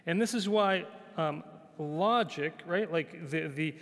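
A male pastor preaching a conversational sermon. He repeats phrases, often asks "right?", and sometimes drops to a soft, quiet voice. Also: a little high, slow pace. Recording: long hall reverb.

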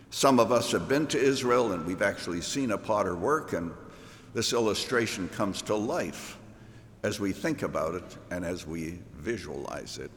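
Slow, lively male preacher in a hall. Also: mid-range voice. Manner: storytelling, stretches key words slowly for emphasis. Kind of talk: sermon. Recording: reverberant hall.

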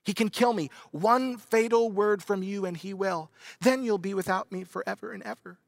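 Brief: coaxing little lizard voice, a preacher putting it on, higher and gravelly, pleading to stay alive. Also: male voice, moderate pace, no echo, studio quality. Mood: wheedling. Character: small wheedling male lizard of the flesh.

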